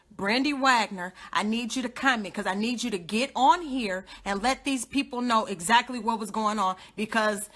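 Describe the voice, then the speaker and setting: A young woman ranting on a live social media stream with a high, sharp, bright voice. She is emphatic and confrontational and hammers her points again and again. Her delivery swings from loud outbursts down to low, muttered asides. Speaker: godmother and activist livestreamer.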